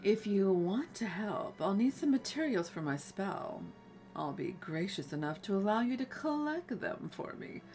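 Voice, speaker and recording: A proud, haughty spellcaster from a cozy fantasy game, played by a woman reading the lines aloud. She speaks in a clipped, condescending way. The voice sits a little higher and stronger than plain talk. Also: very animated, moderate pace, darkish tone, faint music behind, lightly acted.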